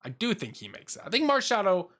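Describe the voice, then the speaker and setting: A young man casually rambling through a tier list ranking, swearing freely and filling pauses with ums and uhs. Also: high voice, huge pitch swings, fairly bright tone. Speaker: YouTuber ranking Pokemon. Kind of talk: casual commentary while making a tier list.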